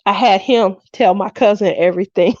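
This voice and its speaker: A woman in her fifties with a medium-pitched, slightly mellow voice hosts a craft livestream. Laughing often, she tells casual stories and acts out what others said. The audio is muffled, with no echo.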